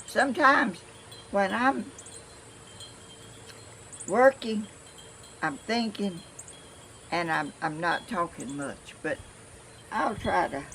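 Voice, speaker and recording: An older woman from Georgia with a flat Southern accent, chatting casually and rambling to her viewers as she shows a crafting project at home. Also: medium pitch, slow, creaky, long pauses, a little hiss or hum, rough recording. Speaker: craft vlogger.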